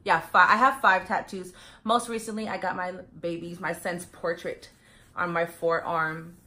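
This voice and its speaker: A young woman talks in a chatty, rambling way to her viewers, tossing in plenty of fillers and calling them you guys. Her voice sits on the lower side for a woman. It has the loose, unscripted feel of a get-to-know-me vlog. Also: level tone, moderate pace, sharp tone. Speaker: vlogger. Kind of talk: casual get-to-know-me chat.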